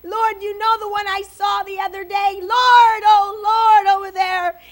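A woman preacher voicing a little boy who shouts his Christmas wish-list prayers, loud and pleading. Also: extremely high pitch, level tone, measured pace, pitched above the performer's own voice. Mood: shouting, pleading.

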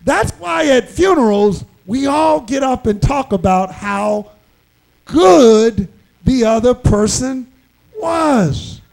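A man preaching a sermon, emphatic and dramatic, shouting key lines. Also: extremely high pitch, lively intonation, slow, creaky, rough recording.

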